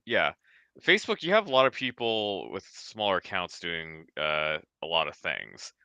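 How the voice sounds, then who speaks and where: A man chatting casually in a group, lively and talkative, with lots of filler words. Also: deep voice, moderate pace, vocal fry, clean tone, no echo.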